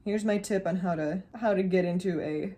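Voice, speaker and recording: A young woman talks through her painting in a relaxed, chatty way. She teases herself and drifts into playful asides. Her tone stays easygoing, like a teacher passing on tips. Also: lowish voice, normal speed. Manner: chatty, jokey, self-teasing asides. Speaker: painting vlogger; math teacher. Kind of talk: casual chat while painting.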